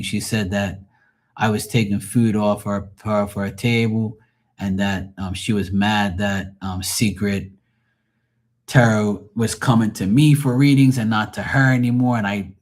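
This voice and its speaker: A man's voice: lowish voice, steady tone, a little slow. A man doing a live tarot stream, ranting in a profane, mocking, rambling way to his chat.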